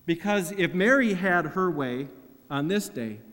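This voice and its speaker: A man delivers a sermon in a high voice, lifting into loud emphatic bursts, then dropping to slow, hushed phrases. His words ring out with a long reverb tail, as if spoken in a large hall. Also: lively intonation. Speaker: pastor.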